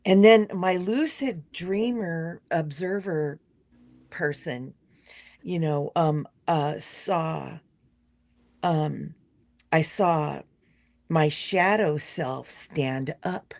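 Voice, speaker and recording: A woman with a low, gravelly voice recounts a dream on a live stream. She talks in halting bursts full of fillers. Her level keeps rising and dropping. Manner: halting, many fillers, shifting loud and soft. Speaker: guest sharing a dream. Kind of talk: casual storytelling on a live stream. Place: home in a rural wildland area.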